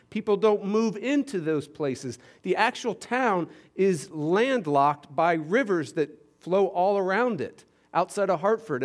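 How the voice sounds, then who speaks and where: A middle-aged man from Houston, Texas, telling a story in a sermon as senior pastor, animated and shifting between loud emphasis and quiet asides. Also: fairly high pitch.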